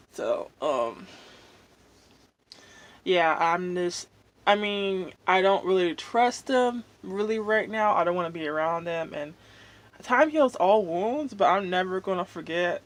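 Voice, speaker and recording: A vlogger, chatting casually while eating at home, venting in a rambling way full of fillers. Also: mid-range voice. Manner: rambling, drawn-out, many fillers. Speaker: mukbang vlogger.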